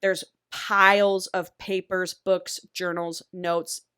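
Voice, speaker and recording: Low-voiced woman recapping a book. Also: slow, smooth, no echo, clean studio sound. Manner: animated storytelling, swears freely. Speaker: podcast co-host.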